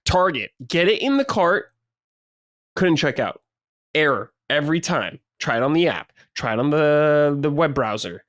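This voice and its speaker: A man's voice: on the high side, moderate pace, dry recording, studio quality. Swearing, storytelling male podcast co-host. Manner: swears freely, animated storytelling. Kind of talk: casual chat.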